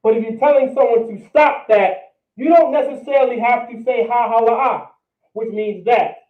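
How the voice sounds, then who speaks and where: A man with a high voice teaches a class, repeating each word and asking "all right?" as he goes. He sounds distant in an echoey room. The sound is thin and phone-like. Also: moderate pace. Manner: repetitive, checks in with "all right?". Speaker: language teacher. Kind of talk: classroom language lesson.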